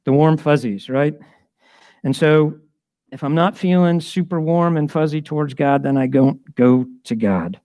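A man's voice: fairly high pitch, measured pace, mellow, dry recording. Man preaching a sermon. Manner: conversational, acts out prayers in varied voices. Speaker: pastor.

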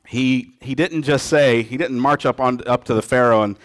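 A man's voice: medium pitch, normal speed, few pauses, no echo, clean studio sound. A man preaching a sermon, retelling a scripture story and acting out the lines of its people in changing voices. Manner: lively storytelling, acts out quotes in voices.

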